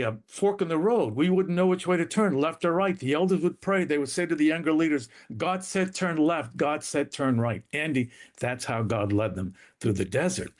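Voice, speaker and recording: A man telling his family's story as an interview guest, earnest and dramatic, his voice rising and falling. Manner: earnest, dramatic retelling with shifting pitch.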